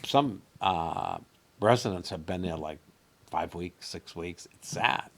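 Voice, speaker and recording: A man's voice: low voice, slow pace, gravelly. A middle-aged man, a comedian chatting as a guest and telling stories animatedly. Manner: animated joke telling with voice changes. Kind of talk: casual interview storytelling.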